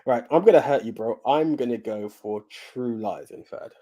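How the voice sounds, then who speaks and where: A man's voice: medium pitch, moderate pace, dark tone. A man co-hosting a casual movie podcast, easygoing and chatty, laughing along with his friend. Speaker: podcast co-host. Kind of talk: casual chat.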